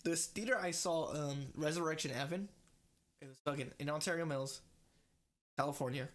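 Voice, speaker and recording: Animated young man with a fairly high voice. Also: moderate pace. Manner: animated storyteller, heavy filler "like", swears freely. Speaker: podcast co-host. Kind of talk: casual chat.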